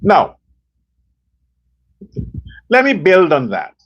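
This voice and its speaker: A male show host giving a blunt, profane commentary monologue, telling stories in a rough, outspoken way. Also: high-pitched, wildly swooping pitch, extremely slow.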